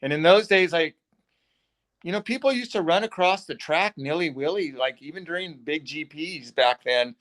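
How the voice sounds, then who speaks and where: A man's voice: on the high side, moderate pace, fairly bright tone. A man as a podcast guest, telling stories in a rambling way with lots of chuckles and filler words. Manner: rambling, chuckling, says "like" and "dude". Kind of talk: casual interview storytelling.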